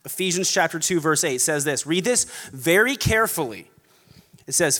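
A man preaching a sermon, animated, mocking snobby voices now and then. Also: a little high, moderate pace, big-room sound. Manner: animated, mocks snobby voices in quoted asides. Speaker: pastor.

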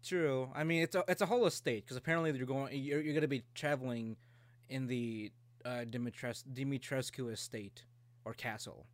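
Brief: mid-pitched man, casual co-host, loose and sweary, dry close mic. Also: steady tone, moderate pace, no room sound. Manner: casual, swears freely, trails off. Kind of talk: casual chat.

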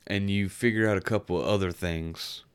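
Guy with a really low voice, casual chat, rambles and restarts a lot while reviewing a game. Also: fairly even intonation, brisk, clear, resonant tone. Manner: rambling, searches for words, frequent restarts. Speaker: podcast co-host reviewing a game.

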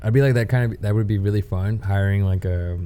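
A man hosts a casual conversation in a laid-back way. His voice is low-pitched and warm, with a darker tone. He keeps things easy and relaxed, tossing in a "dude" now and then. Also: fast talker, a little hiss or hum. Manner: laid-back, says "dude", with short agreeing replies. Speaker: podcast host. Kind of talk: casual podcast chat.

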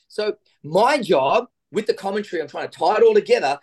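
A jiu-jitsu coach, a man, talks in an animated podcast interview and acts out the voices in his stories. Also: high voice, fairly quick, hardly any pauses, slightly rough.

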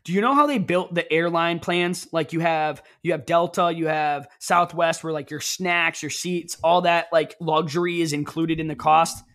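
A young man co-hosting a casual streamed chat, excitable and rambling. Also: a little high, moderate pace, hardly any pauses. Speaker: co-host.

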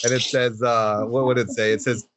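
A man's voice: medium pitch, little pitch movement, normal speed, very noisy. A man hosting a podcast, chatting in an easygoing way and wrapping up the show. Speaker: podcast host. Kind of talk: casual chat.

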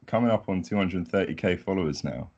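A young man, a podcast guest chatting casually in a relaxed, modest, unhurried way. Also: deep voice, dull audio. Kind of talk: casual chat.

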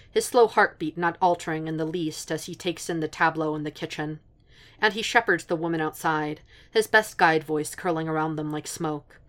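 A woman narrates fan fiction as an audiobook. Her voice sits low, and she keeps a steady, even storytelling pace.

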